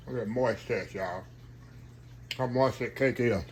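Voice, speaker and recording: This man from the Southern US hosts a casual cooking vlog in his home kitchen, talkative and folksy, often addressing viewers as "y'all." His voice is lowish and his speed normal, with frequent pauses and a little hiss or hum in the audio.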